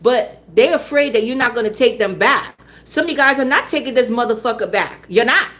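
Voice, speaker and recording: A woman's voice: fairly high pitch, expressive, brisk, a bit bright. A woman giving a tarot reading in a blunt, repetitive way, swearing now and then. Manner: blunt, swears, repeats herself, laughs often. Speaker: tarot reader.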